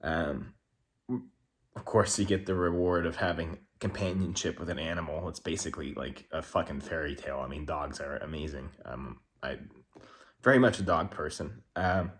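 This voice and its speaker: A man with a very low voice talks to the camera in a loose, rambling monologue. He is candid and swears freely as he thinks aloud. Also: normal speed. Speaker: vlogger. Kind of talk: casual reflective monologue.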